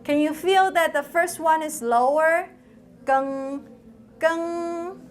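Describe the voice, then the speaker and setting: Brief: female lecturer, high voice, unhurried classroom delivery, chants syllables to demo tones. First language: Taiwanese. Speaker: university lecturer.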